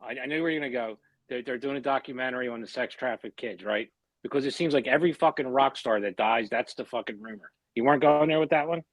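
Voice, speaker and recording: A man's voice: mid-range voice, fast, no room sound. A man in his forties from the Philadelphia area, talking bluntly and skeptically in casual chat, swearing a lot. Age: 40s.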